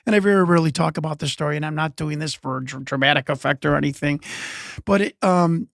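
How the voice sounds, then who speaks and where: Middle-aged American man, high gravelly voice, rambling storyteller, dry close sound. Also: quick pace, a bit bright, dry recording. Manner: rambling anecdotes with voiced quotes and restarts. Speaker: interview guest, former pro wrestler. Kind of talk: casual storytelling.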